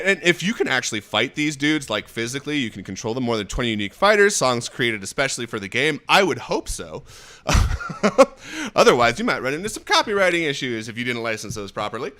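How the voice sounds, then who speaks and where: A man in his thirties hosting a casual livestream, energetic and jokey, swearing and laughing often. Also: mid-range voice, a little fast. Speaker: host.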